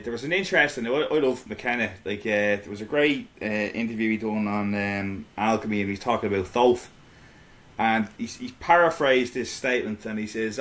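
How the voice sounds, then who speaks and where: A man with an Irish accent, a guest in a casual remote conversation, talking in animated, loose restarts and swearing now and then. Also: on the low side. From Ireland.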